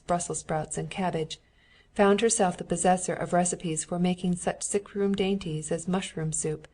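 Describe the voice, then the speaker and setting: A woman narrating a classic novel as an audiobook in a steady, measured reading. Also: fairly low pitch.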